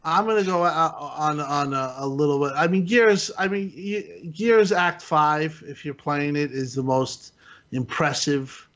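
A man's voice: a little high, a bit bright, dull audio. A man co-hosting a casual gaming podcast, rambling and restarting his sentences. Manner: rambling, halting, restarts often. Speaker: podcast co-host. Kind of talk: casual gaming panel chat.

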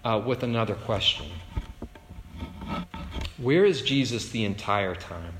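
A male pastor preaching a sermon in a relaxed, conversational way, often checking in with the congregation by asking "right?". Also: on the low side, unhurried, slight background noise. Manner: conversational, frequent "right?" tag questions. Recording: echoey hall with long reverb.

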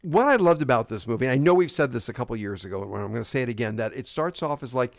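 A man co-hosting a podcast, chatting casually and prompting his co-host with short questions and quick agreement. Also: medium pitch, animated, gravelly, no echo, studio quality. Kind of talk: casual chat about movies.

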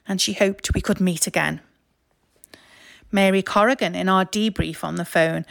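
A woman with a Liverpool accent, reading her own memoir stories aloud in a wry, self-mocking, expressive way. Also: on the low side, dry recording, studio quality. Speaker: author and narrator. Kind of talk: memoir storytelling, read aloud.

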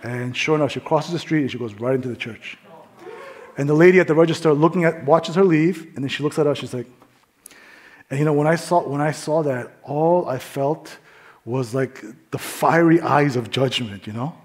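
A man's voice: fairly high pitch, moderate pace. A male pastor preaching a sermon in a casual, conversational way, with many fillers, telling a story and acting out the voices in it. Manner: drops to a soft hush in prayer.

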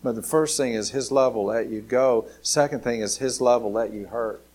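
A man's voice: medium pitch, normal speed, a little mellow. A man from Alabama with a Southern American accent, preaching a sermon. He talks conversationally and repeats his key phrases for emphasis. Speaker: pastor.

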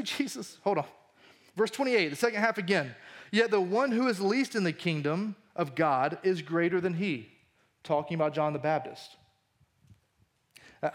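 A man with a rather high voice preaches a sermon in a conversational way. He pushes his emphatic lines hard, then drops quiet and low for the weighty ones. He speaks as a pastor in a church. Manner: conversational preaching, swings between emphatic and hushed.

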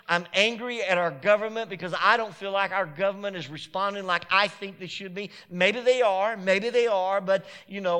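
A pastor preaching a sermon in an emphatic, repetitive way that builds to shouted peaks. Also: male voice, sits high, clean tone.

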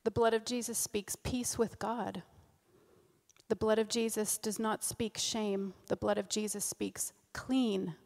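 A woman preaches in an earnest, informal way, circling back over her phrases as she speaks. Her voice has a gravelly fry and stays fairly flat in pitch. It rings out with the long reverb of a church hall. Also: measured pace. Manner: earnest, repeats and restarts phrases. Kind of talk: informal sermon.

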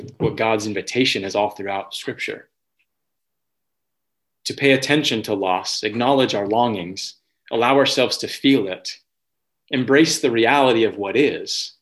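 A man's voice: on the low side, fairly bright tone. A man preaching a sermon to his church, earnest and searching, often restarting phrases and lifting his voice when he speaks a prayer aloud. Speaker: pastor.

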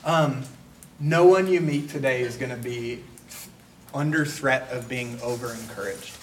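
A pastor preaching a conversational sermon, breaking into quick acted asides. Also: male voice, mid-range voice, far from the mic, slight background noise.

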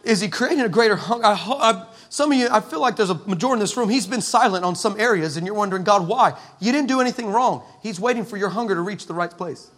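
A male preacher delivering a sermon with humorous storytelling, animated and acting out dialogue. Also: high-pitched, quick pace, few pauses. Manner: animated, acts out dialogue, laughing asides. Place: church meeting room.

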